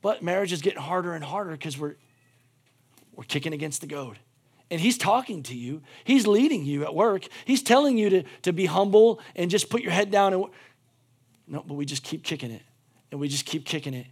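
A man preaching a sermon as pastor, moving between shouted fervor and quiet, intimate appeals, with phrases repeated for emphasis. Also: on the high side, lively intonation, brisk, breathy edge.

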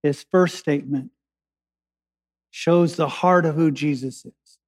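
A man preaching a sermon as a pastor, with slow emphatic pauses that build to urgency. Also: fairly high pitch, steady tone. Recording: echoey hall with long reverb.

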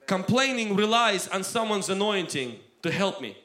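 A man preaches with fervor, his voice sitting high for a man. He swings from ringing exhortation down to hushed, intimate asides. The sound carries a noticeable room echo. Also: expressive, moderate pace. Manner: impassioned, swings between loud exhortation and quiet asides. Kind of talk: sermon. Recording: roomy echo.

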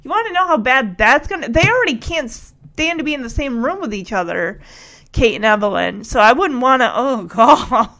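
Woman host, high voice, casual sarcastic recap chat with frequent laughs. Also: sing-song, brisk, pushed and bright. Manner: chatty, sarcastic, laughs often.

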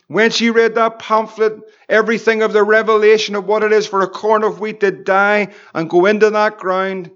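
A Northern Irish man, a pastor, preaching a Bible study with fervent exclamations and slow, emphatic repetitions. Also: high voice, flat delivery, fairly bright tone, clean tone, dull audio.

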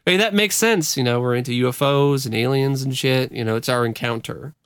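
A man's voice: mid-range voice, a little fast, fairly bright tone, clear, resonant tone, no room sound. A man co-hosting a podcast in casual chat, laid-back and agreeable, laughing often. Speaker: podcast co-host.

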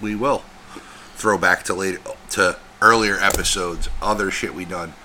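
A man co-hosting a casual podcast, swearing constantly and rambling with animated energy. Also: low voice, normal speed, slight background noise. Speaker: podcast co-host.

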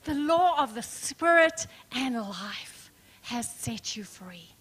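A woman pastor preaching a sermon, emphatic and questioning, dropping to soft hushed words, calling the congregation her friends. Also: fairly high pitch, expressive, slow pace, husky. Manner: addresses congregation as friends, asks rhetorical questions. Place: church.

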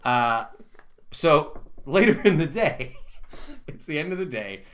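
A man's voice: a little high, animated, takes it slowly. A young man co-hosting a casual podcast, telling self-mocking stories and laughing as he goes. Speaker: podcast co-host. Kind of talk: casual chat.

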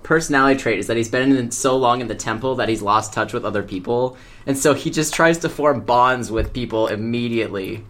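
A man explaining casually, halting and restarting. His pitch sits in the middle range. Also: a bit bright. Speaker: player.

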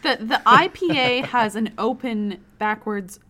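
A woman co-hosting a casual podcast chat, calmly explaining what she has been told. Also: a little high, unhurried. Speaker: podcast co-host.

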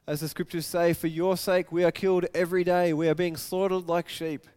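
Retelling scripture during a sermon, a man acts out the quoted lines in a smooth, high voice at a slightly quick pace. He moves back and forth between excited volume and soft, hushed moments.

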